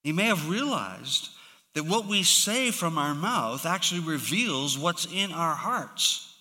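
A man preaching a sermon, slow and emphatic, with sudden drops to hushed tones. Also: a little high, sing-song. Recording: long hall reverb.

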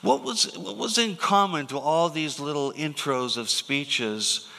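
A man preaching a sermon as a pastor in a church, measured and deliberate, asking rhetorical questions. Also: on the high side, gravelly, sharp tone, in a large hall.

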